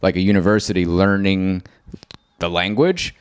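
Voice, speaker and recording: A man's voice: on the low side, moderate pace, clean tone, no room sound. A man hosting a casual conversation, rambling and telling stories animatedly with lots of fillers. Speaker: host.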